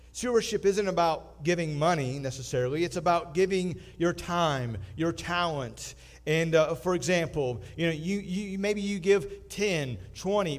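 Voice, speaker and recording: A pastor, preaching a sermon in a conversational manner with emphatic swells. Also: male voice, a little high.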